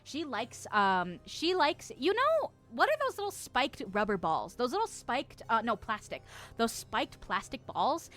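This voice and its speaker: A young woman in her twenties streaming, talking casually to her chat. Her voice is fairly high and very lively, jumping up and down in pitch. She giggles often and gets excited easily. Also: unhurried, faint music behind. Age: 20s.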